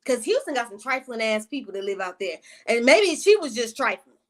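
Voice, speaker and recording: A woman vlogger spins a casual storytime in a fairly high voice. She curses freely, piles on slangy asides and sounds thoroughly exasperated. Now and then she breaks off to greet her viewers. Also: sing-song, a little fast.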